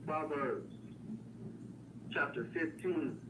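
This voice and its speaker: A man reading scripture aloud at a very slow, careful pace. His voice is bright and a little high, with a faint noise in the background. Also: poor audio. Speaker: scripture reader.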